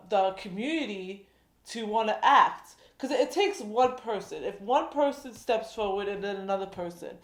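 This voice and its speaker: A woman makes her case in an earnest, steady way during a podcast chat. Her voice sits at a middle pitch and sounds echoey, as if recorded in a bare room. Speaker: podcast co-host. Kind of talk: casual chat.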